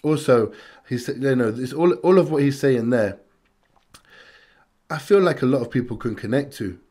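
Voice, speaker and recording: British man, mid-pitched voice, reacts to a track in an earnest, reflective tone, repeats lines for emphasis. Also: lively intonation, normal speed, a little mellow. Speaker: music reaction host. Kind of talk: casual reaction commentary.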